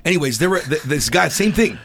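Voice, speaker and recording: A man co-hosting a podcast, telling stories with animated, loud acted-out quotes. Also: fairly high pitch, brisk, dry recording. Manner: animated storyteller, acts out quotes loudly. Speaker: podcast co-host. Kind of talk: casual podcast chat.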